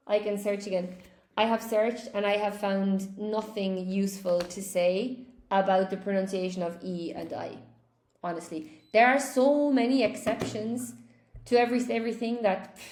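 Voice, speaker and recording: A woman's voice: mid-range voice, a little mellow. A woman English teacher on a live-stream lesson, chatting with viewers, thinking aloud and thanking them by name. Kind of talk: live-stream lesson, reading and answering chat. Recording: roomy echo.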